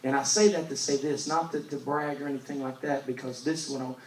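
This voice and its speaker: A male evangelist, preaching a storytelling sermon and swinging from loud emphasis to hushed asides, recorded in a church. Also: medium pitch, steady tone, a little fast, slight background noise. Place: church sanctuary. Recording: roomy church recording from a distance.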